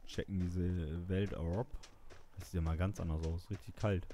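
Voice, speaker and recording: A man's voice: sits low, normal speed, warm tone, slight background noise. A man with a German accent giving joking, chatty commentary while playing a game. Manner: joking, chatty, mutters to himself. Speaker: let's play host. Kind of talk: casual gameplay commentary.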